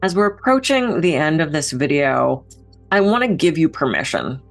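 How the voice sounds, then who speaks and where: A woman's voice: low-pitched, sing-song, moderate pace, faint music behind. Frank, encouraging woman speaker. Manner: frank, encouraging, swears casually. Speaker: mind-body speaker. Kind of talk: motivational talk to camera.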